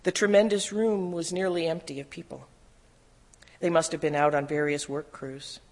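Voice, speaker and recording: Memoir reader in an echoing hall. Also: medium pitch. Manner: steady, measured storytelling. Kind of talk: reading a first-person memoir aloud. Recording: long hall reverb.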